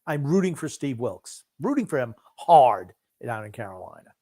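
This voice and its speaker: A man's voice: medium pitch, big pitch swings, moderate pace, mellow. A man co-hosting a casual sports podcast. He speaks bluntly and curtly and gives firm opinions. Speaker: podcast co-host nicknamed Grumpy.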